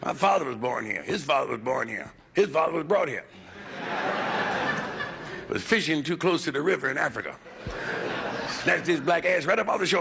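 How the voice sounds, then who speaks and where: Gravelly comedian in a raunchy stand-up set. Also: male voice, medium pitch, big pitch swings, normal speed, pauses often. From United States. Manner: crude, gravelly, conversational. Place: nightclub stage before a live audience. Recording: live club recording with hiss.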